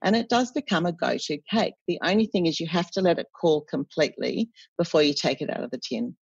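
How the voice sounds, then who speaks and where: A woman's voice: low voice, brisk, gravelly, breathy edge, no echo. Chatty woman telling stories. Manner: warm, animated storyteller with self-corrections. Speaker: cookbook author guest. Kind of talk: chatty storytelling in an interview. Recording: dull, dry podcast audio.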